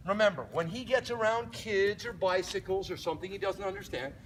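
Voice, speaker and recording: A man's voice: high voice, a little fast. A man working as a dog trainer, explaining a leash lesson outdoors while walking, often breaking off to praise the dog in a light voice. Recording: distant mic, noisy outdoor.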